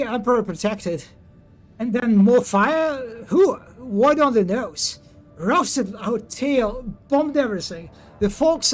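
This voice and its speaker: A man's voice: very high-pitched, pitched above the performer's own voice. A man voicing a battered male pirate captain who rambles and stumbles as he explains himself over the radio, reading game dialogue aloud.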